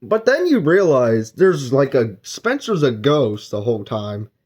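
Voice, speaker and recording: Animated young-sounding man recapping a book. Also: mid-range voice, unhurried, husky. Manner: rambling plot recap with filler words; acts out characters' lines while retelling. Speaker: book reviewer. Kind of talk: casual spoken book review.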